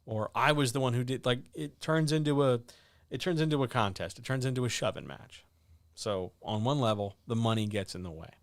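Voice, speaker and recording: A man's voice: brisk, no room sound. A man hosting a writing advice livestream, answering viewer questions in blunt, sardonic, casual chat. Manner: blunt, sardonic, animated, with sudden jumps in pitch.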